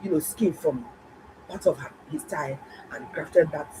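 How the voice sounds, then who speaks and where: A middle-aged woman, a doctor, telling viewers a story in a casual, animated and exclaiming way. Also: sits low, unhurried, background noise. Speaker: doctor and health vlogger.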